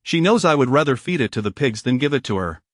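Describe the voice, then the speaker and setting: A man's voice: mid-range voice, big pitch swings, quick pace, a bit bright, no echo, clean studio sound. A man voicing a resolute, clever young married woman who speaks steadily and reassuringly.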